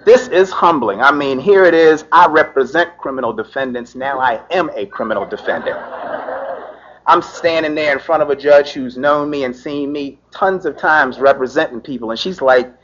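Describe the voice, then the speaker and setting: A middle-aged man, a lawyer, telling a personal story in an animated way, filling his talk with "you know" and laughing as he goes. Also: a little high, normal speed. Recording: dull lo-fi recording.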